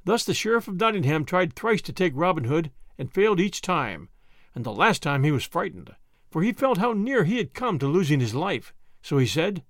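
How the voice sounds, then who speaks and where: A man reading a classic adventure story aloud in an expressive storytelling manner. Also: fairly high pitch, normal speed, no echo, clean studio sound. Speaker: narrator. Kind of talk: audiobook narration.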